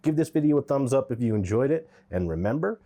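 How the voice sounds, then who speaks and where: A man's voice: medium pitch, expressive, fast talker, mellow. A man giving a casual, candid pepper tasting review, thinking aloud with the odd um.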